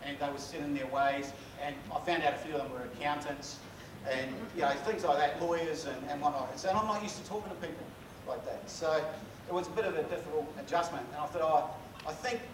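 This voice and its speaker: A man's voice: on the high side, brisk. A middle-aged man with a New Zealand accent telling funny stories in a casual, joking keynote and bantering with the audience. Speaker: keynote speaker. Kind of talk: humorous keynote storytelling. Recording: echoey hall, far from mic, noisy.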